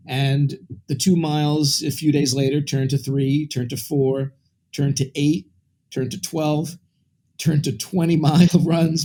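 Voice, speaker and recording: A man's voice: a little high, warm tone. A man from Brooklyn, a guest in an interview, telling a personal story in a candid, rambling way with many restarts and asides. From Brooklyn, New York.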